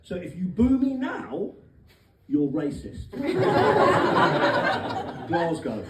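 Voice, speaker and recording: A man with an English accent doing animated stand-up comedy in a comedy club, swearing freely. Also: sits high, very slow. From England. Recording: echoey distant club recording, noisy crowd.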